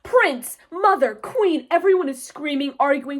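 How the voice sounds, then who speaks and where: Young woman, book vlog chat, dramatic, gushing, slightly high voice. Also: lively intonation, moderate pace. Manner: gushing and dramatic, laughs often, reads quotes aloud. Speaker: book vlogger. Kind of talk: casual book review chat.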